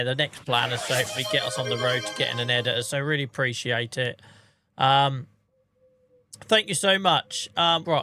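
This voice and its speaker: A man chatting on a live gameplay stream, excitable and grateful as he thanks his viewers. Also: mid-range voice. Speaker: livestreamer. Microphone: streaming microphone.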